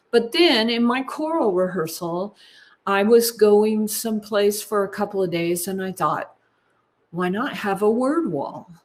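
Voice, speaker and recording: A woman in her fifties, a choral music clinician, giving a teaching session at a conference in an unhurried, explaining way. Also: medium pitch.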